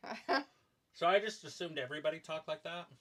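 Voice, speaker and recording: A man co-hosting a live stream, chatting casually in a relaxed, laid-back way. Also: fairly high pitch, brisk. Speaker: stream co-host. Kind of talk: casual chat.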